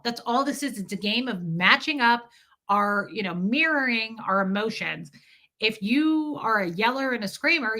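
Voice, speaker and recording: Bright-voiced woman chatting on a livestream. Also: a little high. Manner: candid, emphatic, swears freely, often repeats words. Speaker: livestream host reading viewer chat. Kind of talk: casual livestream chat.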